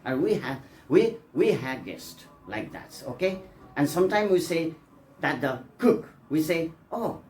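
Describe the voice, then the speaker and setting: A man's voice: a little high, big pitch swings, a little slow, darkish tone, a little hiss or hum. A man teaching an English pronunciation lesson, repeating examples and coaxing his students, often checking they follow. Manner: repetitive, coaxing, with frequent checks for understanding.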